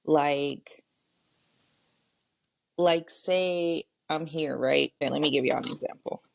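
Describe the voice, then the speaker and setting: A woman's voice: low voice, fairly even intonation, slow pace, creaky, a little hiss or hum. A woman hosting a podcast, talking casually and directly to her listeners in a solo monologue. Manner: chatty, talks straight to listeners. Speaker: podcast host.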